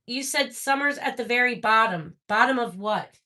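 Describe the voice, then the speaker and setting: A woman hosting a live-stream spirit box session, excitable and talking straight to her viewers. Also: a little high, moderate pace.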